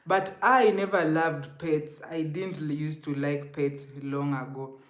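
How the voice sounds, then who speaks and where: A woman's voice: low-pitched, steady tone, slow pace, roomy sound. A Kenyan woman telling an emotional, rambling storytime to her viewers, often calling them guys. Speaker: vlogger. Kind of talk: storytime vlog.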